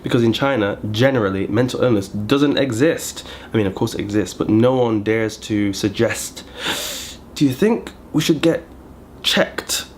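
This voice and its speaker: A man's voice: fairly low pitch, normal speed, a little hiss or hum. Rambling man vlogging. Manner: rambling, thinking aloud, self-correcting. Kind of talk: casual chat to camera.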